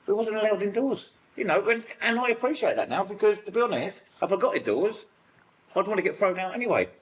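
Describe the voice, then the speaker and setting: A middle-aged British man with a British accent, sharing childhood stories in a recovery group, rambling and animated with lots of fillers. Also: sits high, fast, low-quality recording. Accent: British English. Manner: rambling, animated storytelling full of fillers and acted-out quotes. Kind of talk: personal sharing in a support group.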